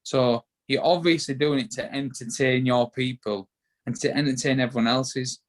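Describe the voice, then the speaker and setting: A man's voice: mid-range voice, fairly even intonation, normal speed. Rambling Yorkshire man talking about self-belief. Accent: Yorkshire English. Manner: rambling, repeats words and restarts often. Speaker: guest, bare-knuckle boxer. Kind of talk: casual interview.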